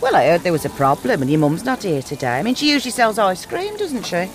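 A woman's voice: medium pitch, big pitch swings, quick pace, lightly acted. An actress playing a chatty, nosy village woman in a radio drama, gossipy and full of exclamations. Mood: curious.

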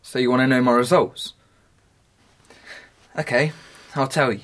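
A woman's voice: very deep voice, steady tone, a little slow. A woman voicing a moody, defensive British teenage boy in a radio drama. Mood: sulky.

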